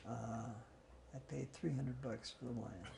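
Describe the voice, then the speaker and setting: An older man, a father, telling family stories in a relaxed, chuckling way. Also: mid-range voice, gravelly, background noise. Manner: chuckling, unhurried anecdotes. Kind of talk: casual storytelling.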